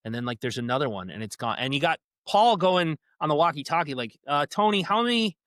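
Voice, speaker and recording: A man co-hosting a podcast, retelling horror movie scenes in an animated, casual way, swearing now and then. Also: medium pitch, fast, no room sound, clean studio sound. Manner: animated storytelling, swears, says yeah a lot. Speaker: podcast co-host. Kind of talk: casual movie recap chat.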